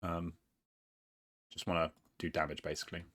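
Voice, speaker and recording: A man's voice: sits low, completely flat delivery, normal speed, fairly bright tone. A man casually commentating his own board game match, rambling and hesitant, often laughing at himself.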